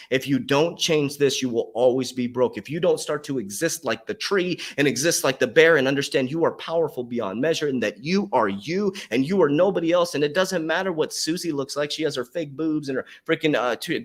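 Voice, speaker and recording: A middle-aged man coaching on crypto and mindset in a motivational vlog rant, profane and fired up, swinging from loud outbursts to hushed asides. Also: mid-range voice.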